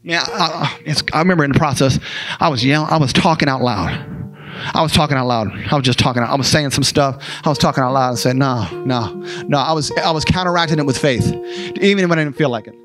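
A man's voice: medium pitch, fast, a bit bright, soft background music. A man giving an emotional spoken testimony, fervent, repeating phrases for emphasis. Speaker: speaker sharing a personal testimony.

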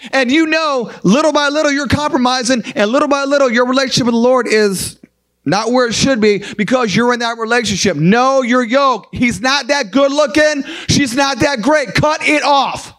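A man's voice: extremely high pitch, normal speed, a bit bright. A man preaching a sermon, emphatic and repeating short, punchy phrases.

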